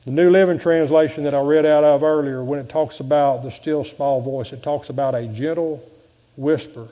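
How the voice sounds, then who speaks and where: Pastor preaching, mellow kinda high voice, long echo of a church, goes loud then hushed. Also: male voice, fairly even intonation, moderate pace. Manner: dramatic swings between loud and soft delivery. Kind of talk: sermon. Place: church sanctuary.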